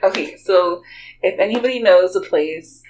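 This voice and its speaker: A woman's voice: on the low side, normal speed, slight background noise, low-quality recording. A woman from Texas, telling a story casually with lots of fillers and frequent laughter. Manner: animated, laughs often, many "like" fillers. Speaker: guest storyteller.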